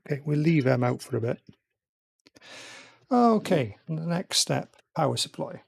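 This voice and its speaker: A man muttering quietly to himself as he chats casually on a live stream, talking through a build. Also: a little high, expressive, a little slow, vocal fry, slightly rough. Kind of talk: casual live-stream chat while working.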